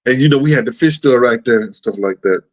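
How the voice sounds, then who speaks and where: A man's voice: medium pitch, quick pace. A man in his fifties with a New York accent, hosting a casual live-stream chat and often laughing as he tells street stories. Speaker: show host.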